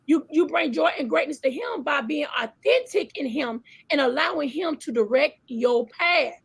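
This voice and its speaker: High gravelly woman guest, preaching all fervent and emotional. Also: lively intonation, moderate pace. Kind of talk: faith-based conversation.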